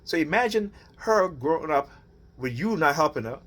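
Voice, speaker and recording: A man's voice: on the high side, animated, normal speed, a bit bright. A man venting about family matters in a rambling, heated monologue, often asking "right?". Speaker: father venting on his channel. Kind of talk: casual rant to camera.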